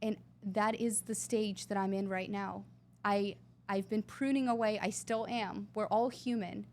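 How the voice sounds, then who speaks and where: A woman's voice: medium pitch, steady tone, unhurried, a little mellow, a little hiss or hum. A woman talking earnestly and with emphasis as a guest in a conversational interview. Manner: earnest, emphatic, sometimes drawn out. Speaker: podcast guest.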